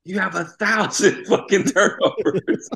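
A hot-tempered college basketball coach needles his player, his voice pitched far above the speaker's own, as a man puts him on. He presses the same question again and again in a demanding tone. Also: big pitch swings, a little fast. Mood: yelling. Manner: needling, then yelling.

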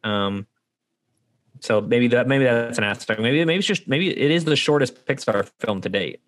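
A man at a middle pitch talks through a film with friends. He is animated, jumping into the characters' lines as he goes. It is a casual podcast review chat. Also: normal speed. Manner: animated, acts out quoted characters. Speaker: podcast co-host.

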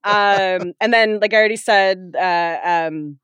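Casting: woman podcast co-host, laughs easily, animated, dry close sound. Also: mid-range voice, unhurried, clean tone, no echo, muffled recording. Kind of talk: casual chat.

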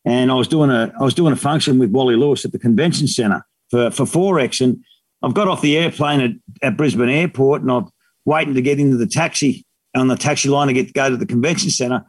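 A man's voice: medium pitch, a little fast, no room sound. A man in his fifties with an Australian accent, chatting casually as a guest and telling stories with slang and laughter. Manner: animated storyteller, slangy and laughing. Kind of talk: casual radio chat.

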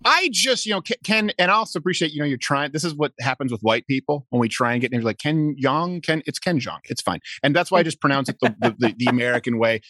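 A man in casual podcast chat, sarcastic and opinionated, talking in rambling animated bursts. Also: mid-range voice, fast talker, hardly any pauses, dry recording. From Canada. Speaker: podcast guest, show host.

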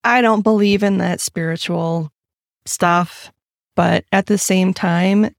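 A woman's voice: lowish voice, steady tone, slow pace, vocal fry, dry recording, clean studio sound. A woman guesting on a podcast, giving frank opinions in casual talk full of fillers like "like" and "you know". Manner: frank, filler-heavy, speaks in bursts.

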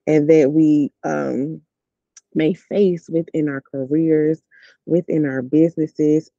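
A fairly high-pitched man with a gravelly, very dark and mellow voice delivers an earnest devotional reflection, repeating key words to drive them home. The recording is dry and dull, a lo-fi sound. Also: no echo. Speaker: podcast host.

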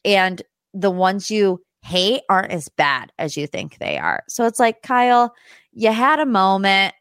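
A woman's voice: medium pitch, very animated, a little slow, fairly bright tone, clean tone, no echo, studio quality. A young woman hosting a podcast, chatting casually about celebrity gossip with lots of "like" and "you guys". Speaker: podcast host.

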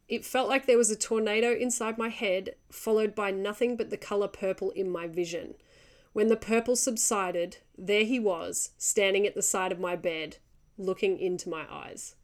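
A woman's voice: mid-range voice, moderate pace. A woman co-hosting a podcast in casual chat, reading listener stories aloud and often breaking into giggles. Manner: giggly, chatty, digresses. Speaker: podcast co-host.

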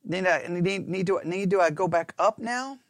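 A pastor chatting in a rambling, animated, self-mocking way while testing his lapel mic in a small closed-in room. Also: high-pitched, moderate pace, no echo, clean studio sound. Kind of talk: casual talk while testing a microphone. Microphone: wireless lapel mic with belt-clip transmitter.

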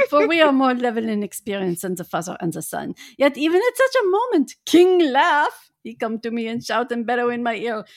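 Woman doing an old grieving professor, broken English, laughing as he speaks, fairly high voice. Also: big pitch swings. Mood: earnest, wistful. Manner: halting broken English, laughing through lines. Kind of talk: dramatic reading aloud.

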